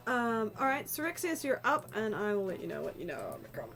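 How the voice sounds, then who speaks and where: Lively upbeat woman running a game. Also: a little high, a little fast. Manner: upbeat, chatty, laughs easily. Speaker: game master. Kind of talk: running a tabletop game over a voice call. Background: faint background music.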